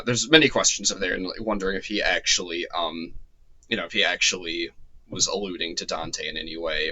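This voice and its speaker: A man's voice: low-pitched, sharp tone, rough recording. A man giving a casual spoken lecture, loose and chatty with many ums and restarts, his voice a little worn. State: slightly losing his voice. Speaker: course lecturer.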